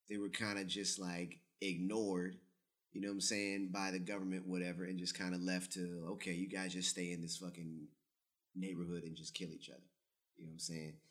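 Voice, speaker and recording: An American man talking in a loose, profane way, often asking "you know what I'm saying?". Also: deep voice. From United States. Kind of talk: casual chat.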